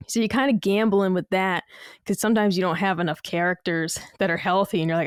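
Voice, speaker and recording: Smooth-voiced woman, chatty podcast rambler. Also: fairly low pitch, fairly even intonation, a little fast, no echo, studio quality. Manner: rambling, filler-heavy, laughs and swears casually. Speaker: podcast co-host. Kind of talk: casual gaming podcast chat.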